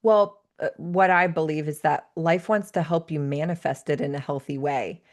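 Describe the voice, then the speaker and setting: Low-voiced woman coach, earnest. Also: fairly even intonation, normal speed. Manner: earnest, reflective storyteller. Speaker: podcast guest, life coach. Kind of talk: conversational interview.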